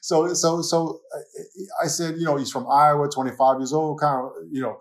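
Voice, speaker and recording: Guest pastor, New York accent, man, animated storyteller with ready laughter. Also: on the high side, moderate pace, crowd noise. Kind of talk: casual conversational interview.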